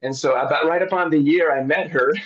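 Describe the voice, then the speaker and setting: On a video call, a middle-aged man talks casually about his work as a missionary director, laughing frequently; he was raised overseas as a missionary kid. His voice sits a little high and moves at a moderate pace, captured with lo-fi sound.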